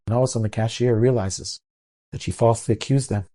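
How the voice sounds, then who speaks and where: A man's voice: medium pitch, fairly even intonation, quick pace, warm tone. A man, a rabbi telling a moral story in an earnest sermon style, sprinkling in Hebrew words.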